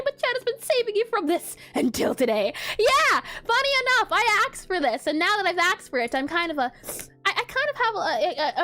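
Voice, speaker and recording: A woman with a very high, sharp voice streams herself making pixel art, chatting in a bubbly, casual way while she draws. She laughs a lot and responds to her chat.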